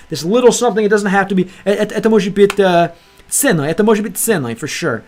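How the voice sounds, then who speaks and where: A man's voice: sits high, expressive, fast talker, a little mellow. A young man hosting a language-learning livestream, chatting casually with viewers and rambling with lots of restarts. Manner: rambling, restarts often, calls viewers bro. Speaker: livestream host. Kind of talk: casual chat with live chat.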